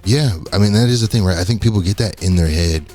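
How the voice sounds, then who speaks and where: A man's voice: fairly low pitch, quick pace, a little mellow, faint music behind. A man co-hosting a podcast in casual chat, frank and joking with slangy turns of phrase. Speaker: podcast co-host.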